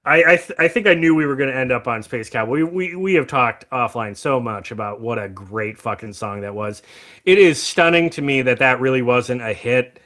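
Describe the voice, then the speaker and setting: A man hosting a casual livestream chat about music, animated and laughing often as he talks. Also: medium pitch, fairly quick. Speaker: host.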